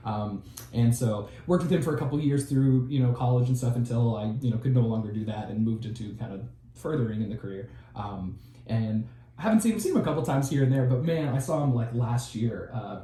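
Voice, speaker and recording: A man in his thirties co-hosting a podcast, an animated storyteller who laughs often. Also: medium pitch, fairly quick. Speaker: podcast co-host. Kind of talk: casual podcast chat. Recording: very echoey room.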